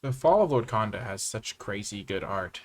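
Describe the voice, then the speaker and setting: A man's voice: on the low side, lively intonation, normal speed. A man hosting live gameplay commentary, thinking aloud and reacting to each play with groans, exclamations and wry self-mocking asides. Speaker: host.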